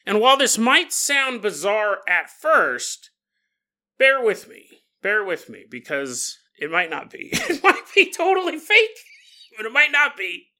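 Guy hosting a podcast, high bright voice bouncing all over, jokey and laughing a lot. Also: huge pitch swings, unhurried. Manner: playful, joking, laughs often. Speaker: podcast host. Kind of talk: comedic storytelling monologue.

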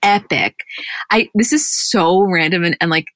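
A woman's voice: fairly low pitch, unhurried, a bit bright, no echo. Chatty young woman, dry close sound. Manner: chatty, rambling, frequent "like" fillers. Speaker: podcast co-host. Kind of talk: casual chat recapping a reality show.

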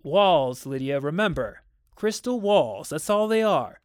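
An easygoing husband, as a man reads him aloud in a storybook reading. He talks calmly and soothingly, with light amusement. The voice sits slightly high and the sound is dry. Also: a little slow, no room sound. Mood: reassuring.

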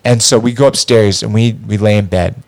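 A man telling a wild story in a casual, loose chat, swearing freely and getting animated. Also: on the low side, brisk.

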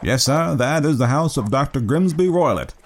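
A man reading aloud puts on a helpful country cab driver in a classic storybook, chatty and eager. The voice is pitched noticeably higher than the narrator's own low tone and lifts in loudness on each pointer. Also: animated, normal speed, a little hiss or hum.

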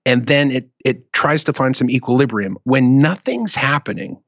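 A man hosting a casual talk show, telling a profane, animated story in a rant. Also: medium pitch, normal speed, no echo, lo-fi sound. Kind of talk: casual chat.

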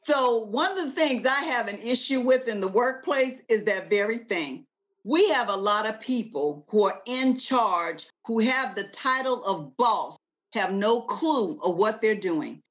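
A woman's voice: on the high side, a little slow. A woman guest talking emphatically in a casual conversation, shifting into a preacher-like delivery and telling stories with energy. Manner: lively, animated storytelling.

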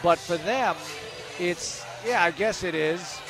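A man's voice: sits high, slow pace. A man hosting a radio show on location, chatting casually and rambling from topic to topic. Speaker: radio host. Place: on location at a bar in London. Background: music.

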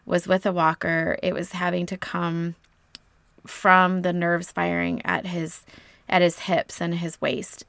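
A woman telling a personal story about her son, earnest and halting, a little emotional and stumbling over her words. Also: fairly low pitch, vocal fry, a bit bright, no echo. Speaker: parent of a son with spina bifida, podcast guest. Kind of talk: reflective personal story in conversation.

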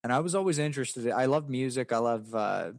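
A man's voice: mid-range voice, lively intonation, brisk, vocal fry, no echo, clean studio sound. A man from West Virginia with a Southern accent, a poker player answering interview questions in a rambling, casual way. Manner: rambling, many restarts and fillers.

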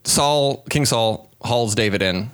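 A man's voice: fairly low pitch, slow pace, fairly bright tone, clean tone. A man casually retelling a Bible story on a podcast, rambling and acting out the quotes in goofy voices. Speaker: podcast co-host.

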